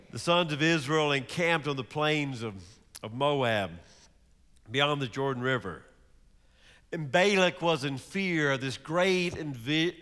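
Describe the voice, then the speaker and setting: A man preaching a sermon as pastor, telling stories with big swings between loud and hushed, in a church sanctuary. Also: medium pitch, clear, resonant tone, long reverb tail.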